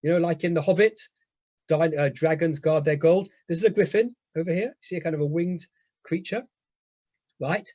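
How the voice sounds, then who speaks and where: A man's voice: fairly high pitch, steady tone, normal speed, warm tone, dry recording, dull audio. A man giving an enthusiastic lecture as a rabbi, often checking in with his listeners. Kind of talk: lively lecture to a congregation.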